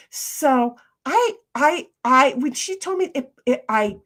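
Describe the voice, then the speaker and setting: Woman streamer, fairly high voice, rambling casual chat, lots of restarts. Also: expressive, takes it slowly, hardly any pauses, a bit bright. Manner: rambling, chatty, with many restarts.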